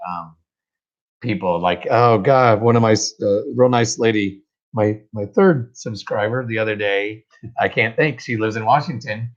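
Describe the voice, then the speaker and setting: A man's voice: on the low side, moderate pace. A man hosting a casual livestream, rambling and self-deprecating with many restarts. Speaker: reseller host. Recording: dull lo-fi livestream audio.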